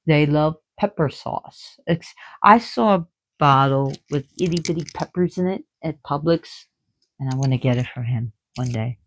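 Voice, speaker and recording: A woman explaining spiritual lore in casual talk, excitable and giggly, jumping between soft whispers and loud bursts. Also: low voice, moderate pace, no echo.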